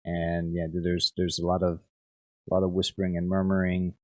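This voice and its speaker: Young guy gm'ing a tabletop game, deep voice, stumbles and repeats himself, dry close sound. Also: monotone, a little fast, no echo, narrow, tinny audio. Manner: rambling, filler-heavy, repeats words. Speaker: game master.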